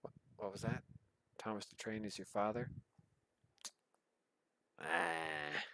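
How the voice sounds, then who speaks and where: Slow, deep-voiced man with dry commentary. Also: animated, pushed and bright, no echo. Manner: laid-back, wry, swears casually. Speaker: host. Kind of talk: casual commentary on old clips.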